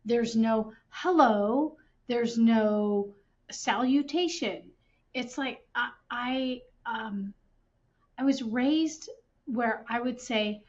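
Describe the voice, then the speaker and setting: A woman co-hosts a podcast, telling stories with emphatic indignation in a casual tone. Her voice sits fairly high. The sound is somewhat dull and lo-fi. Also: very slow, a little mellow. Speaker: podcast co-host. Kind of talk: casual chat.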